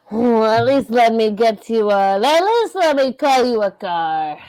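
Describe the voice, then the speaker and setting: Woman putting on a smooth French gallery man. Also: fairly high pitch, animated, slow pace, darkish tone, no echo, low-quality recording. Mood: smooth flirting. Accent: put-on French. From Montreal. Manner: hammy, playful. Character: suave French male gallery owner, flirty.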